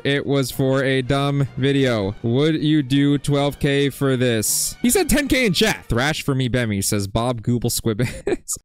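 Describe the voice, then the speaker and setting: A young man giving rambling, excitable commentary on a video game as a YouTuber, repeating himself and swinging between squeaky yelling and low mumbling. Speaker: gaming YouTuber. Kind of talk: casual gameplay commentary.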